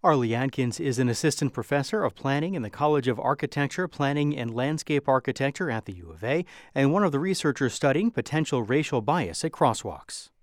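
A man hosts a radio news program in a calm, clear voice. His pitch is middle and the sound is dry and close. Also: a little fast, few pauses, no echo. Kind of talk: news hosting.

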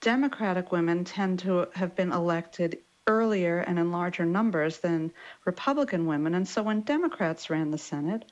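Low-voiced woman correspondent on a remote line. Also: a little mellow, muffled recording. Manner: measured, explanatory with fillers. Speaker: newspaper correspondent. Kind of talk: radio news interview.

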